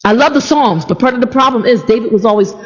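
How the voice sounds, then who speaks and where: A woman preaching an informal, animated sermon that mixes personal stories with repeated phrases. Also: on the high side, fast talker. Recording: dull recording in a reverberant hall.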